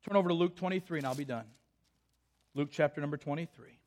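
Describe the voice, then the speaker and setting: With passion, a man preaches a sermon, repeating phrases and often restarting his sentences. His voice is a little high and fast, with a darkish tone.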